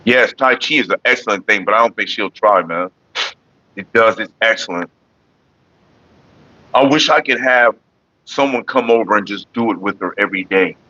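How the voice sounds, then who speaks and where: A man's voice: lowish voice, moderate pace, pauses often, bright, forceful tone, no room sound, dull audio. A middle-aged man hosting a casual livestream, talking bluntly and with lots of swearing straight to his chat viewers. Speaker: livestream host.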